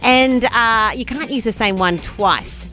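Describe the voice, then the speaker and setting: A woman's voice: fairly high pitch, a little slow, bright, forceful tone, faint music behind. A woman co-hosting a breakfast radio show, bubbly and enthusiastic. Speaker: radio co-host.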